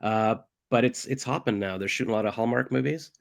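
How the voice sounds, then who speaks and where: A man's voice: medium pitch, fairly quick, creaky. A man hosting a casual entertainment interview. He talks in a mid-range voice, cracks jokes at his own expense and wanders off topic before steering back to his questions. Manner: jokey, self-deprecating, rambling. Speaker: host.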